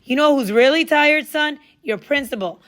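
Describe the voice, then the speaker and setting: A woman voicing a gruff male track coach who barks and needles. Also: high voice, moderate pace, fairly bright tone, pitched above the performer's own voice. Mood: needling. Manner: barking, teasing.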